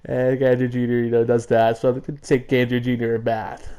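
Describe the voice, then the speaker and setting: A man's voice: mid-range voice, little pitch movement, a little fast, dark tone, clean tone. A man casually narrating his game footage in a rambling way, full of fillers and chuckles. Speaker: gameplay narrator. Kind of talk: casual let's-play commentary.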